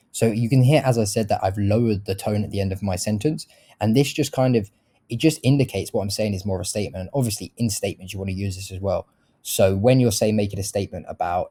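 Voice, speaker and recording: Blunt, low-voiced man teaching sales. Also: dark tone. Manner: blunt, swears casually, demonstrates tone shifts. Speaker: sales trainer. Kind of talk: casual instructional talk.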